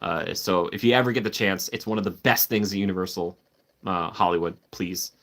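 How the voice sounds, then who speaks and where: A man's voice: low-pitched, brisk, fairly bright tone. A man hosting a live stream, chatting casually and enthusiastically, answering viewers by name and laughing often.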